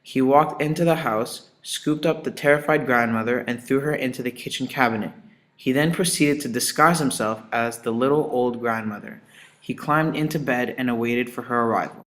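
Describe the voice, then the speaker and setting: A man reading a fairy tale aloud as narrator, plain and even. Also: medium pitch, normal speed. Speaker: student reader.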